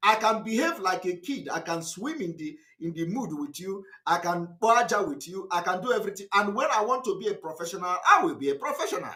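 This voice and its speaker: A man with a Nigerian accent speaks on a live online broadcast in a high, bright voice that swings widely in pitch. He is emphatic and defiant, hammering points home through repetition. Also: very animated, brisk, few pauses. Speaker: activist broadcaster.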